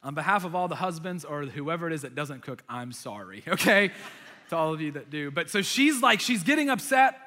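Male preacher, bright, forceful tone, animated storyteller who acts out voices. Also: on the high side, brisk. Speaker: pastor. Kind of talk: sermon.

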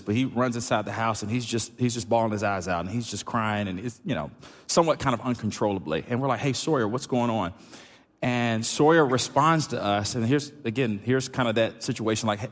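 A middle-aged pastor, preaching a sermon in a loose, conversational way with lots of fillers. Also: male voice, mid-range voice. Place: church sanctuary. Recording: hall reverb.

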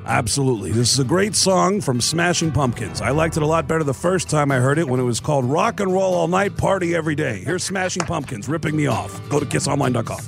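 A man impersonating a smug, boastful older male rock star in a deep, self-satisfied voice. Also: expressive, fast talker, gravelly, few pauses, music in the background.

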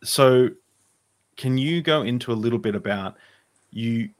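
A man's voice: mid-range voice, measured pace. A man telling a personal story in casual conversation, rambling and restarting his sentences, with self-deprecating asides. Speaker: podcast co-host.

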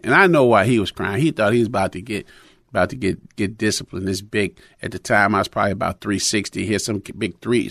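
A man's voice: fairly low pitch, fairly bright tone, no room sound, clean studio sound. A middle-aged man preaching in a conversational sermon, telling a personal story with many fillers and restarts.

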